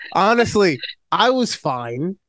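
A woman's voice: lowish voice, sing-song, slow, dry recording, studio quality. A woman co-hosting a podcast in casual chat, teasing her friend and mimicking voices. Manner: playful, teasing, with exaggerated mimicry. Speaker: podcast co-host.

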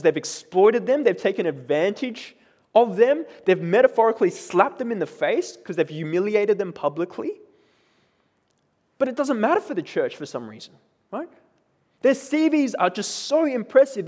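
A man preaching a sermon in a conversational, animated way, often checking in with the congregation with questions. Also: sits high, long reverb tail. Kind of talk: expository sermon.

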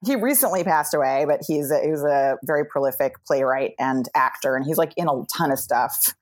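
Woman from New York, deep low voice, chatty storyteller, laughs a lot between phrases. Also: a little fast. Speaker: comedy podcast guest. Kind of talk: casual anecdote telling. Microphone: remote video call.

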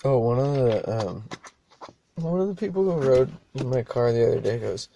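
A man's voice: mid-range voice, lively intonation, normal speed, mellow. A young man hosting a show alone, rambling casually, swearing often and laughing at himself. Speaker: podcast host. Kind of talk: casual monologue.

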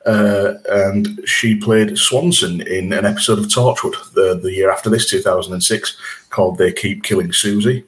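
Low-voiced Yorkshire man hosting. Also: fairly even intonation, moderate pace. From England. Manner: chatty, swears, laughs between points. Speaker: podcast co-host. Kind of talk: casual podcast chat.

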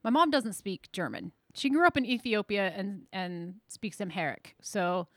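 A woman's voice: mid-range voice, expressive, normal speed, dry recording. Woman, podcast host, casual interview chat, dry recording. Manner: friendly, encouraging interviewer.

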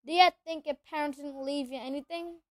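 A big, hearty giant of a man, loud and blunt in his speech, with a highish voice, as a woman reader puts him on. He sounds dry and close, with nothing in the room around him. The voice stays friendly and plain-spoken throughout. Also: steady tone, a little fast, dry recording, close to an everyday voice. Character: huge friendly bearded giant man, gruff. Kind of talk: audiobook character voice.

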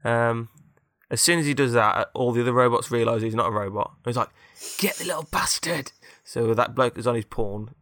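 A man's voice: medium pitch, level tone, fairly quick, fairly bright tone, dry recording, clean studio sound. A man casually improvising a story, rambling with fillers and tag questions.

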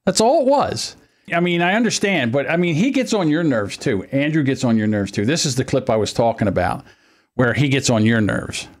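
A man's voice: mid-range voice, a little fast. A man hosting a casual podcast chat over an online call, telling stories and acting out what others said. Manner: animated storytelling, acts out quotes. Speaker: podcast host.

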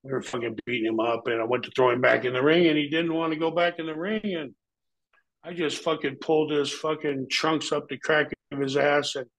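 A man's voice: a little high, fairly quick, rough recording. A man in his fifties, a retired pro wrestler, telling blunt, profanity-laced stories in a candid interview. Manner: profane, blunt, animated when quoting others.

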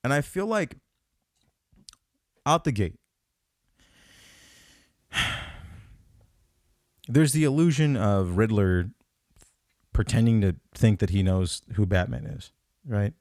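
Animated, swearing podcast host ranting. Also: male voice, on the low side, slow pace, pauses often, no echo, studio quality. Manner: profane, animated, acts out his own thoughts in quotes. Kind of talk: casual comedic movie rant.

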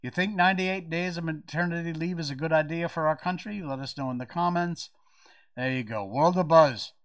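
An American man hosting a podcast, giving wry, animated commentary on news and drawing out words for effect. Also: on the high side, a little fast. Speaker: podcast host. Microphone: podcast mic.

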